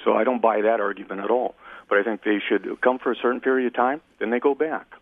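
A man's voice: lowish voice, fairly even intonation, quick pace, no echo. A man calling into a radio show, speaking bluntly and with firm opinions. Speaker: caller. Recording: tinny phone line.

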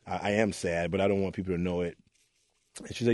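Man, low and warm, earnest interview storyteller; quotes people in little voices. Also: fairly even intonation, fast, no echo. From Oakland, California. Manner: earnest, acts out voices in his stories. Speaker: youth mentor.

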